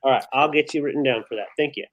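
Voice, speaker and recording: A man's voice: medium pitch, racing, noisy background. A man co-hosting a live vintage sale, easygoing as he counts down and tracks the bidders. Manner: easygoing, runs bids and counts down. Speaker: live sale co-host, auctioneer. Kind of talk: live-stream auction chat.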